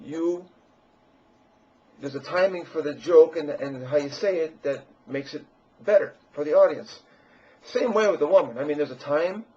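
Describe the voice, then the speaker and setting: Husky-voiced man rambling in lo-fi. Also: fairly high pitch, dark tone. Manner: crude, boastful and meandering. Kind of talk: rambling personal monologue.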